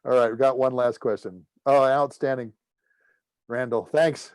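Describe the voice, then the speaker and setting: Here a former air force officer, now middle-aged, shares humorous anecdotes in a guest talk, voicing the lines of the characters in them. The voice is smooth and medium in pitch, with a measured pace and a dry recording. He tells stories with energy, jokes often, and acts out the dialogue.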